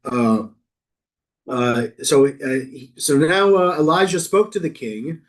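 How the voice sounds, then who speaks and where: Casting: male rabbi, slightly high voice, loose and jokey while teaching scripture. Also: lively intonation. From New York. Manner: playful, quick asides, reads verses then riffs. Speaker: rabbi teaching a Bible study. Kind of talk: casual text study, reading aloud and joking.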